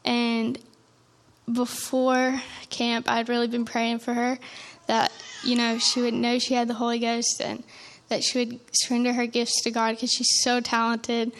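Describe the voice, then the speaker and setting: A young woman telling an emotional church testimony, earnest and halting, with frequent restarts. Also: on the high side, completely flat delivery. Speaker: testimony speaker.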